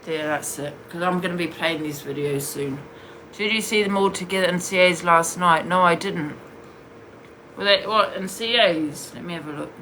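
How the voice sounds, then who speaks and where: A woman's voice: lowish voice, steady tone, moderate pace, bright, forceful tone, a little hiss or hum. A woman streaming live, bluntly and scornfully ranting while she answers viewers' comments. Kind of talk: heated live-stream rant.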